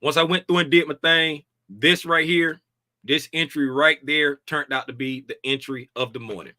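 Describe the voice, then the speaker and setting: A man's voice: a little high, fairly even intonation, normal speed, bright, forceful tone, no echo, studio quality. A man casually walking through trading charts on his screen, talking in a loose, colloquial way and checking in with "right?" after most points. He sounds tired and a bit draggy. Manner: conversational, repeats "right?" often, colloquial speech. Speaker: futures trading educator.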